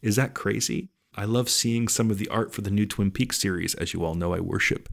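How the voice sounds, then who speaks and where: A man's voice: lowish voice, brisk, creaky. A man hosting a casual listener Q&A podcast, laid-back and rambling, swearing now and then, with his voice starting to go. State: losing his voice. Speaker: podcast host.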